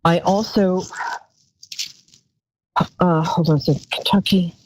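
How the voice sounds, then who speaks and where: A woman's voice: on the low side, steady tone, unhurried, a little mellow, breathy edge, dry recording, low-quality recording. A woman hosting a live call-in psychic show, chatty and rambling, calling her callers darling.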